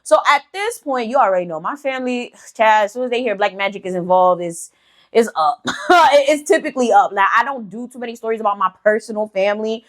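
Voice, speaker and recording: A woman's voice: medium pitch, fairly quick. A young woman hosting a casual storytelling vlog, chatty, swearing freely and leaning on fillers like "you know". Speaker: storytime channel host.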